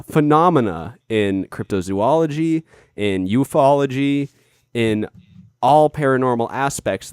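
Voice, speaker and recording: A man co-hosting a casual comedy podcast, rambling through the story and doubling back on himself. His voice is close and dry, with no room sound, and his pitch sits in the middle for a man. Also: a little mellow, clear, resonant tone, dry recording. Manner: rambling, self-interrupting storyteller. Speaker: podcast co-host.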